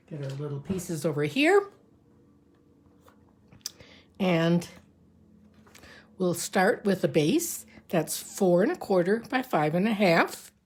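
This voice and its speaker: A woman with a fairly low voice walks through a craft project in a relaxed tutorial. She chats and thinks aloud as she works, and her voice carries some echo from the room. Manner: chatty, thinking aloud with fillers. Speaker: crafting demonstrator.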